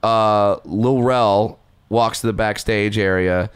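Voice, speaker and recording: A man's voice: lowish voice, slow pace, clear, resonant tone. A man on a podcast telling a backstage story in casual chat, acting out voices as he goes. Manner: animated, acts out voices in quotes. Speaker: podcast host and puppeteer.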